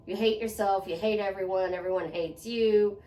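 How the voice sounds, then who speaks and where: A woman's voice: medium pitch, fairly even intonation, moderate pace, dark tone. A woman speaking to the camera in a motivational monologue, earnest and conversational, repeating phrases for emphasis. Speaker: self-help vlogger. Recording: echoey room, voice a bit far from mic.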